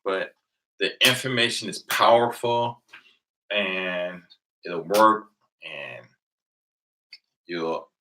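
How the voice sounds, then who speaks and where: A thirty-something American livestreamer chats with his audience from home late at night, rambling through stories and laughing frequently. His low-pitched voice is bright and forceful, extremely slow with long pauses, and there's a slight hiss or hum on the audio.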